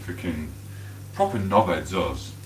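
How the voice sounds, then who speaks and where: A man's voice: deep voice, expressive, unhurried. An English man rambling casually on a live stream while he cooks in his home kitchen. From England. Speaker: livestreamer. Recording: echoey room, mic at a distance, faint hum.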